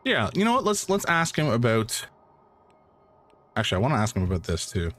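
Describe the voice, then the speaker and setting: A man's voice: mid-range voice, wildly swooping pitch, fairly quick, fairly bright tone. A man from Canada commentating a live game playthrough in a rambling, chatty way, laughing often and using many fillers. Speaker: gaming streamer.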